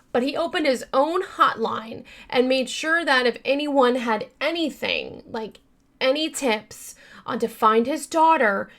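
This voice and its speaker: A woman's voice: fairly high pitch, fairly bright tone. A woman hosting a true-crime podcast, telling the story casually with many fillers and talking straight to her listeners, earnest and yawning now and then. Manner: chatty, many fillers, addresses listeners as you guys; earnest and upset by the case.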